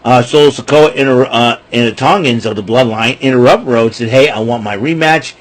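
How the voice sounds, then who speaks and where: Man, podcast host, husky voice, rambling casual recap, lots of ums and restarts. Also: mid-range voice, fairly quick, poor audio. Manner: rambling, many fillers and restarts.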